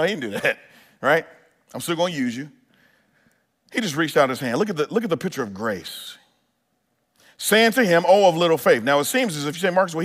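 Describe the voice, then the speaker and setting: A man's voice: on the high side, a bit bright. Earnest preaching man. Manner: earnest preaching with rising emphasis and frequent restarts. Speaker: pastor. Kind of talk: sermon.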